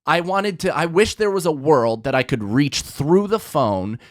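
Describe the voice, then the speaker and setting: A man's voice: on the high side, a little slow, dry recording, clean studio sound. Profane man ranting through a comic story. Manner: exasperated, profane, animated rant with voiced impressions. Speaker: podcast host. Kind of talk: casual comedic storytelling.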